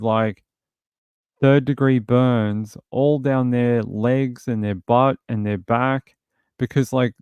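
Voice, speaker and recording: Blunt Australian man with a smooth voice. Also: mid-range voice, darkish tone, no echo, studio quality. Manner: blunt, indignant, reads out viewer comments. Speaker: livestream host. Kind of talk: casual true-crime livestream chat.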